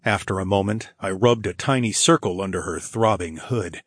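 Man reading a romance audiobook, husky, lowish voice, intimate, dry close sound. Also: normal speed, no room sound. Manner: low, intimate delivery with sighs and chuckles. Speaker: audiobook narrator. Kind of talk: scripted first-person romance narration.

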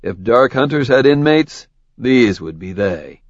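A stern immortal leader, as a male narrator puts him on, calm, dry and used to giving orders. The delivery is measured and even, on a dull, dry audiobook recording. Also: mid-range voice, no echo.

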